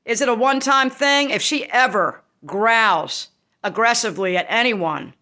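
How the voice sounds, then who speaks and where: A woman ranting angrily and emphatically to her audience, swearing freely and breaking into sudden shouts. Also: a little high, normal speed. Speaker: vlogger. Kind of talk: angry rant to camera.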